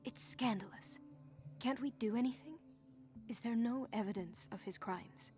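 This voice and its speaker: A woman's voice: a little high, moderate pace, over music, natural voice. An actress playing a worried female nurse in video game dialogue, speaking in an anxious, questioning way. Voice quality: anxious and inquisitive.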